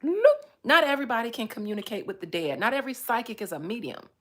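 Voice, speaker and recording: Woman, psychic, livestream rant, high voice, very lively pitch, profane, casual. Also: very fast. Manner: profane, animated, laughs often.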